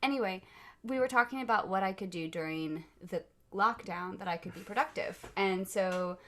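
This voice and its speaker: A woman hosting a podcast in casual chat, bubbly and quick to laugh, speaking into a microphone on a boom stand. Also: fairly bright tone. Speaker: podcast host, music educator.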